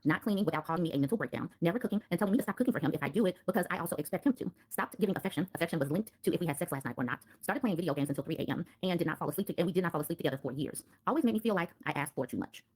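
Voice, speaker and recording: A woman in her thirties reading a personal account aloud in a rapid, list-like recounting. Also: on the low side, animated, a little mellow, husky. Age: 30s.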